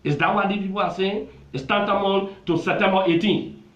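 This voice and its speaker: Emphatic Liberian man, high voice. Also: steady tone, a little fast, fairly bright tone. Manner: emphatic, repetitive, pressing political argument. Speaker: lawmaker. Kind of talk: television interview. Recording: roomy, dull television audio.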